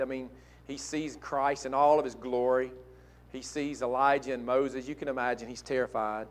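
A male pastor preaching a sermon, dropping to quiet asides and climbing to loud, emphatic peaks. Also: fairly even intonation, normal speed. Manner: swings from soft asides to loud, high-pitched emphatic preaching.

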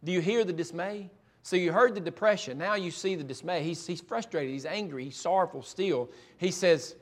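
Folksy preacher, high-pitched man, chatty sermon with restarts. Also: normal speed. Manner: folksy, conversational storytelling with frequent restarts. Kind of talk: sermon, retelling scripture.

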